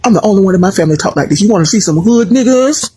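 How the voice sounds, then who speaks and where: Brief: American woman, husky and breathy, dry close mic, emphatic vlog commentary. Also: mid-range voice, racing, no echo. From United States. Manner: animated, emphatic, mocking asides. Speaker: video commentator. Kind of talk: casual opinion commentary.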